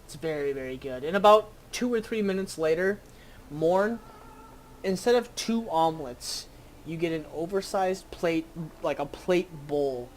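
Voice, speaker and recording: A game master narrating a tabletop game scene, halting with many fillers and restarts. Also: mid-range voice, animated, slight background noise.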